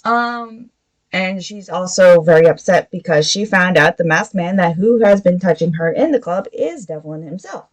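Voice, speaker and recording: A woman's voice: on the low side, animated, normal speed, poor audio. A woman hosting a casual book review podcast, retelling the plot in a rambling way with many fillers.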